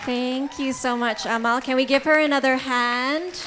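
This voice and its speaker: A woman's voice: high voice, steady tone, moderate pace. A woman emcee introducing the next speaker and rallying the audience. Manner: upbeat, rallies the crowd. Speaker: event emcee. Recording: noisy hall with a crowd.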